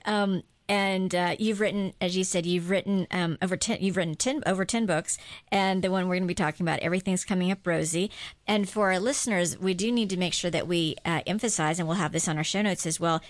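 Female radio co-host, chatty, lower voice, dry close mic. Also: no echo. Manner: chatty, restarts phrases. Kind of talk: studio interview.

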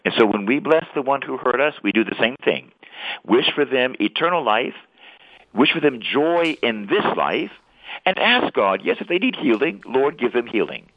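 A lively priest preaching over a tinny, phone-like line, his fairly low voice swooping widely as he teaches. He sounds earnest and animated, slipping into playful asides. The sound is dry and close. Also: moderate pace, no echo. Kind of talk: radio talk, preaching.

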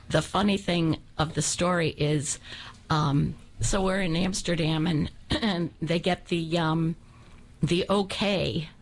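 Woman radio guest, gravelly voice, tells a lively story and acts out the people in it. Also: sits low.

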